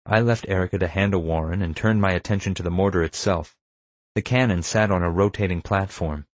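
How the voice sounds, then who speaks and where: A man reading a first-person story aloud in a steady, measured manner. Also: low voice, no room sound. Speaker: audiobook narrator. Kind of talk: first-person scripted narration.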